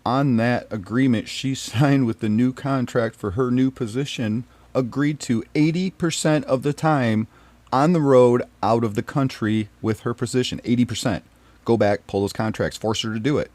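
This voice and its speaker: A man's voice: medium pitch, normal speed, no room sound. A man telling a painful personal story in an earnest, rambling way, restarting and repeating himself as he goes. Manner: earnest and pained, often dropping quiet. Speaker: storyteller recounting his marriage.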